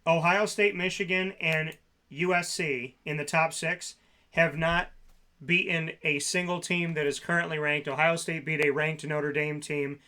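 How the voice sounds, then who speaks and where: Sarcastic, bright-voiced man ranting on football. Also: on the high side, steady tone, a little slow. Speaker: sports talk co-host. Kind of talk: casual sports talk.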